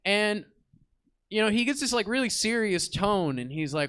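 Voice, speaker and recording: Guy rambling thru a comedy bit, kinda high voice, smooth and clear, lots of likes and you knows. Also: lively intonation, moderate pace, fairly bright tone. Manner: rambling slacker storytelling with fillers. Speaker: improv comedian. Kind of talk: improvised comic monologue. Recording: stage theater performance.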